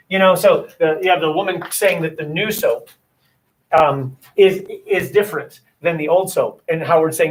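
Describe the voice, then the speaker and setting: A man's voice: on the high side, fairly bright tone, rough recording. A male teacher giving a casual classroom lecture on a novel, chatty and acting out back-and-forth exchanges with students.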